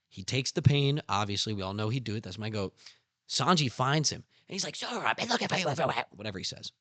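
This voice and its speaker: A young man hosting a casual podcast who talks excitedly, swears a lot and acts out scenes. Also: medium pitch, no echo. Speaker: podcast host. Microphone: studio podcast mic.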